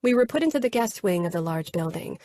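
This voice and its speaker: A woman narrating a first-person romance novel in a measured, intimate way. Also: lowish voice, expressive, warm tone, no echo. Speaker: audiobook narrator.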